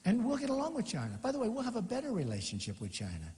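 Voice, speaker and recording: In a big hall with long reverb, a political candidate in his sixties speaks to a packed auditorium with a balcony. His high-pitched, mellow voice swings hugely in pitch and moves very fast. He rambles, reading aloud before breaking off into asides.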